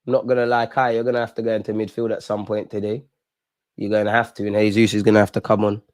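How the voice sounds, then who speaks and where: A young man hosting a live football watch-along, animated and talking straight to the players and referee. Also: lowish voice, fast, no room sound, clean studio sound.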